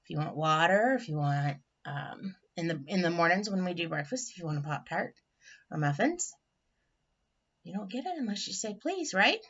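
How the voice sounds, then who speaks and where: Animated woman teacher reading aloud. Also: fairly low pitch, moderate pace, slightly rough. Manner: animated, chatty asides to children. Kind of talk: picture-book read-aloud for children. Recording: dull lo-fi recording.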